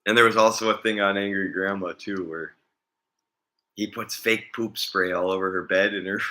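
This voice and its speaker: Bright-voiced man rambling casually. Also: on the low side, fairly even intonation, moderate pace. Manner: rambling, chuckling often. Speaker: vlogger. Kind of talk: casual chat.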